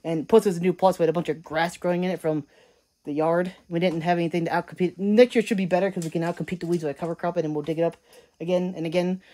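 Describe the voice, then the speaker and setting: A woman vlogger rambles along quickly in a mellow, low-ish voice. She sounds casual and chatty, recorded on a handheld camera at home. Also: steady tone. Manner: rambling, chatty, talks to her cats. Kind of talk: casual vlog chat.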